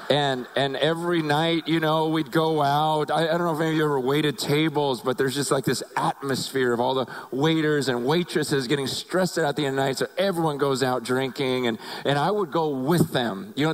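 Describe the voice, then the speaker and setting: Middle-aged male pastor, earnest confessional testimony, voice mid-range, swings between quiet and impassioned. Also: medium pitch, low-quality recording. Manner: earnest, confessional, rising to emotional intensity. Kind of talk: personal testimony sermon.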